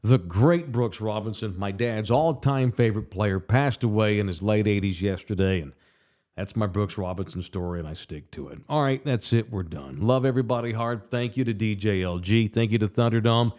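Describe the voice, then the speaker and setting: A man hosting a podcast, telling a story in a casual, profane and animated way. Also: lowish voice, normal speed. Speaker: podcast host.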